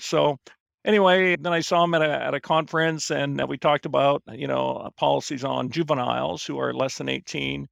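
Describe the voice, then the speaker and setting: Gravelly-voiced guy in his 50s rambling thru a podcast story, you know's everywhere, dry close sound. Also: mid-range voice, steady tone, moderate pace, a bit bright, no room sound. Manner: rambling, many fillers and restarts. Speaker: guest, financial strategist. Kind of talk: casual storytelling interview.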